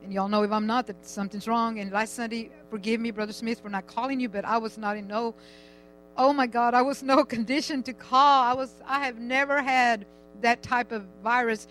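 A woman's voice: on the high side, steady tone, a little fast, fairly bright tone, a little hiss or hum, rough recording. An older woman giving a rambling, chatty personal testimony in church, laughing now and then as she talks.

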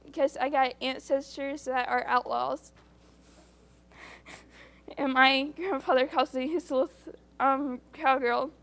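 High-pitched woman, earnest church testimony, rambling storyteller who voices the people she quotes. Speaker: church member giving testimony.

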